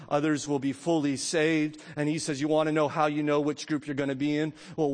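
High-voiced man preaching in a reverberant church. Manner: earnest, animated preaching with frequent restarts. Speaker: pastor. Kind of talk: sermon. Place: church sanctuary.

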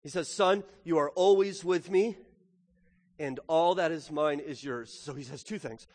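A man preaching a sermon as a pastor, swinging between loud pleading and hushed, intimate asides. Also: on the high side, unhurried. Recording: reverberant hall.

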